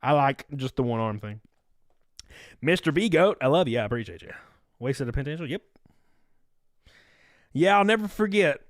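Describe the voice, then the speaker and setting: A man's voice: medium pitch, very animated, normal speed, long pauses, dry recording, studio quality. A man in his thirties hosting a livestream, telling rambling, profane stories to his chat in a casual way. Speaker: livestream host. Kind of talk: casual storytelling to a live chat.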